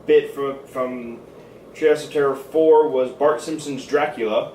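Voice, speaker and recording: A man's voice: mid-range voice, measured pace, a little mellow. A man co-hosting a casual chat about a cartoon, rambling with lots of fillers and restarts. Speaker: podcast co-host. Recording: roomy, distant mic with faint noise.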